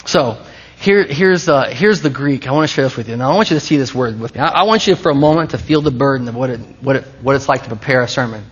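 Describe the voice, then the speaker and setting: A man's voice: medium pitch, fast talker, breathy edge, lo-fi sound. A man preaching a sermon in a conversational, playful way, often stopping and restarting his sentences. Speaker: pastor.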